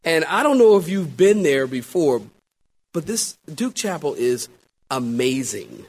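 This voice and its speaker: A middle-aged male pastor delivers a storytelling sermon in a notably high voice. His pitch leaps all over the place, full of animation. He shifts from loud exclamations to quiet, confiding asides. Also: sing-song, measured pace, husky. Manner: storytelling with wide swings between loud exclamations and hushed asides.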